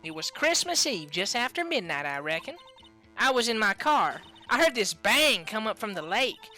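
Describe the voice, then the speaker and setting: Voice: mid-range voice, sing-song, normal speed, pushed and bright, faint music behind. A streamer voicing a brash country woman witness with a put-on drawl. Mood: grumbling. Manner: drawling, folksy. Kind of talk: reading game dialogue aloud.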